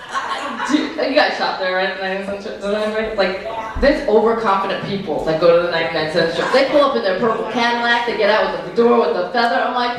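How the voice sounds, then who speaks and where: A woman's voice: medium pitch, brisk, crowd noise. A woman, doing brash, self-mocking live stand-up comedy. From New York. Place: comedy club stage. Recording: echoey live room, mic at a distance. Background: audience laughter.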